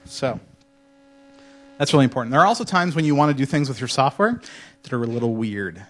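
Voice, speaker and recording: A man speaking at a conference before a student audience, relaxed and conversational. He tells anecdotes with a joking touch and now and then slips into playful put-on voices, his pitch sitting at an ordinary middle. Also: a little fast. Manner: casual, joking storyteller with mock French voices. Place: lecture hall.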